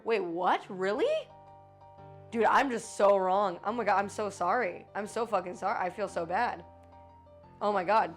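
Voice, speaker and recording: A woman's voice: medium pitch, a little slow, faint music behind. A woman streamer in casual live chat with her viewers, swearing freely and swinging between joking and apologizing.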